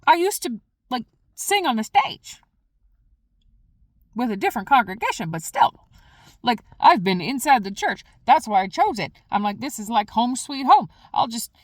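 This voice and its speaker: A woman's voice: on the high side, moderate pace, no echo. A woman vlogger casually telling a rambling story, acting out what she said at the time. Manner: rambling, animated, acts out her own past lines.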